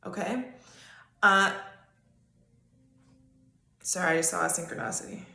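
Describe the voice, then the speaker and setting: A woman hosting a solo podcast in a loose, chatty way. She often checks in with her listeners with an okay. Her voice is bright and a little low, and the room around her is echoey. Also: unhurried, creaky. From Canada. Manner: casual, chatty, talks to listeners directly with many okays. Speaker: podcast host. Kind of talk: solo psychic-reading podcast talk.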